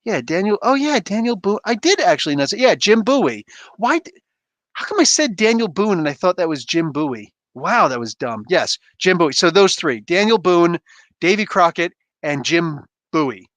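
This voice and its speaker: A man's voice: high voice, very animated, normal speed, fairly bright tone, no room sound. A man hosting a livestream, chatting casually and reading viewer comments aloud, often laughing and poking fun at himself. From Canada. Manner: laid-back, laughs often, self-deprecating. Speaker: livestream host.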